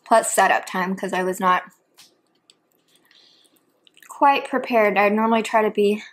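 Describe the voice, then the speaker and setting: A woman's voice: mid-range voice, measured pace. A woman chatting casually between bites in a home eating video. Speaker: mukbang vlogger. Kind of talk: casual chat while eating.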